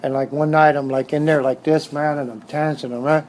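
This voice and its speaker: A man's voice: a little high, level tone, a little fast, darkish tone, a little hiss or hum, rough recording. A middle-aged man with a Southern Californian accent telling stories in a blunt, streetwise way, repeating himself for emphasis, in a casual interview at his motorcycle shop.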